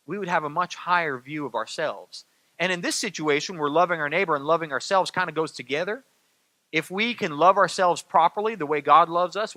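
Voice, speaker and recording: Middle-aged guy pastor giving a sermon, chatty, keeps asking "right?", higher voice, dry close sound. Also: pushed and bright, no echo. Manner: conversational, repeats phrases, asks "right?" of the crowd.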